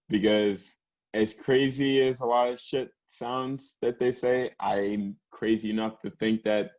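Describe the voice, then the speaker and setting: A man's voice: mid-range voice, darkish tone. A young man co-hosting a podcast in casual chat, rambling and profane, laughing often. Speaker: podcast co-host.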